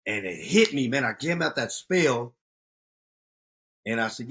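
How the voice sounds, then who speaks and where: A man in his fifties spins street stories in a casual interview with a husky, worn voice. He shifts into loud, animated bursts as he tells them, his pitch sitting in an ordinary middle range. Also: moderate pace, long pauses. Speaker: guest, youth outreach founder.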